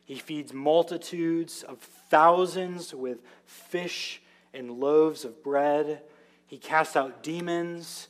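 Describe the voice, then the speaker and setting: A man's voice: a little high, very slow. A man preaching a sermon, telling the story with emphatic, vivid asides. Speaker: pastor.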